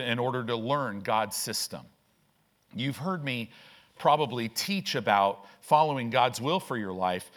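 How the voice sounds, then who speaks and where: A man's voice: medium pitch, fairly bright tone. A middle-aged male pastor preaching a sermon, stretching key phrases out and turning often to the congregation with asides.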